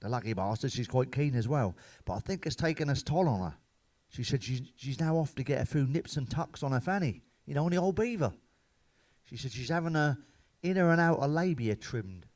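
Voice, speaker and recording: A man telling crude stand-up jokes in a blunt, heavily sweary manner with deadpan punchlines. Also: mid-range voice, brisk, dry recording. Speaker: comedian.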